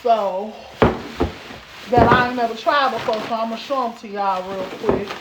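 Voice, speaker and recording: Animated mom vlogger in an echoey room. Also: female voice, fairly high pitch, moderate pace, very noisy. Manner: animated, playful, calls viewers baby and girl. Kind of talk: casual chat to camera. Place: at home. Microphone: camera set up on a stand. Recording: roomy echo.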